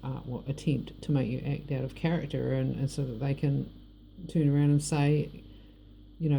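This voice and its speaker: Gravelly, dark-voiced New Zealand woman. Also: low-pitched, steady tone, normal speed, a little hiss or hum. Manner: blunt, rambling, frank with swearing. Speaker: vlogger. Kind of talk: personal monologue.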